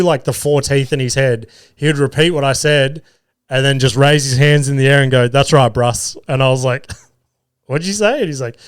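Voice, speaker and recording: A man's voice: mid-range voice, smooth. A young man hosting a podcast, telling a long funny story with lots of swearing and laughter. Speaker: podcast host. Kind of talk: casual storytelling.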